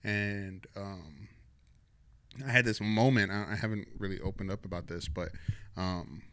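A man from San Antonio tells a long personal story in a relaxed, rambling way, dropping "dude" and "like" throughout. His voice sits low, with faint background noise. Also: unhurried. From San Antonio, Texas. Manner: laid-back, rambling, peppered with "dude" and "like". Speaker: guest artist. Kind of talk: casual storytelling in a podcast chat.

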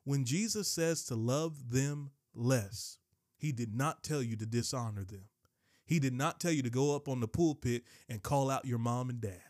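A man preaching a sermon, emphatic and repetitive, his voice leaping from low stresses to high shouts. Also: moderate pace, no echo, studio quality.

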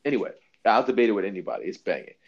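A man co-hosting a podcast, talking in an animated, emphatic, slangy way and swearing freely. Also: fairly low pitch, racing, breathy edge, muffled recording. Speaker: podcast co-host. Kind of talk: casual chat. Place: New York.

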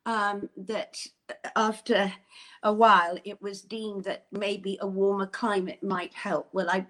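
An older woman guest in a casual interview, talking in an animated, bubbly and effusive way. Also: medium pitch, takes it slowly. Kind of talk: casual chat.

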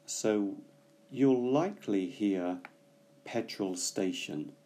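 A man teaching English vocabulary, explaining slowly and carefully with frequent pauses. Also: fairly low pitch, dark tone. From Britain. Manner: slow, careful explanations with hesitations. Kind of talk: bilingual language lesson.

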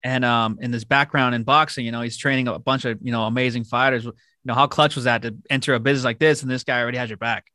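A podcast host who talks quickly in a loose, profane style and strings together long, rambling questions. His voice is bright and forward. The sound is dry and close-miked. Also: mid-range voice, fairly even intonation, no echo. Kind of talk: casual podcast interview.

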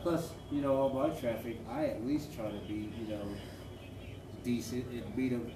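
A man's voice: mid-range voice, normal speed. A man telling a profane story in a casual, laid-back way, full of fillers. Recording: echoey room, distant mic, noisy.

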